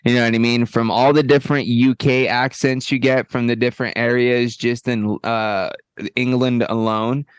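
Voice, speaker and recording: A man co-hosting a podcast in a laid-back, casual chat, high on edibles, peppering his talk with "bro" and "you know what I mean". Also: flat delivery, normal speed, smooth, no room sound, clean studio sound. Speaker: podcast co-host.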